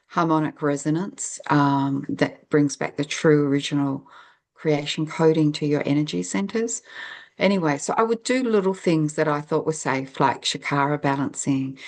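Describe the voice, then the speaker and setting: Low-voiced middle-aged New woman. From New Zealand. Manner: rambling, reflective, self-interrupting with fillers. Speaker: guest. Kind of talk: casual storytelling.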